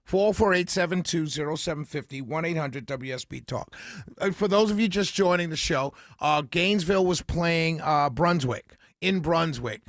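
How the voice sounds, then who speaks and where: A man with a high-pitched voice hosts a talk radio show from a studio microphone. He sounds emphatic and opinionated, thinking out loud as he goes. The sound is dry and close. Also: moderate pace, dry recording.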